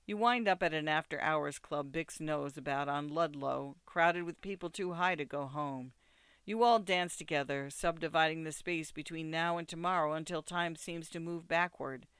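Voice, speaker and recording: A man narrating an audiobook in a steady, second-person storytelling way. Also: fairly high pitch, moderate pace, smooth, dry recording.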